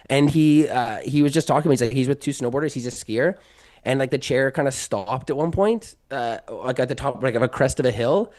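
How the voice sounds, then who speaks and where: A man chatting as a podcast guest, spinning a long anecdote with a steady mid-range voice. He rambles, fills every gap with "like" and keeps restarting his sentences. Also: mid-range voice, a little fast. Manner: rambling, heavy use of "like", many restarts. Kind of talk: casual storytelling.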